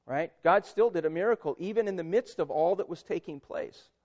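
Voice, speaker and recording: A middle-aged man preaching a sermon as pastor. His delivery is animated, swinging from loud emphasis to quiet, reflective passages. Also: sits high, fairly quick. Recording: dull audio in a reverberant hall.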